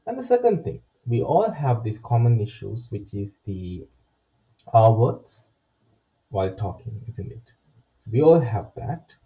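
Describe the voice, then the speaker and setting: A man teaching test preparation, explaining step by step and often checking in with a quick "right?". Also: fairly low pitch, big pitch swings, warm tone. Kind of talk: spoken lesson. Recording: distant, muffled, lo-fi sound.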